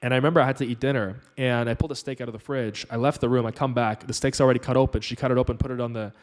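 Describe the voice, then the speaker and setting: Man, vlogger, personal story, rapid, rambling, earnest. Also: mid-range voice, steady tone. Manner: rambling, earnest retelling with lots of fillers. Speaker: channel host.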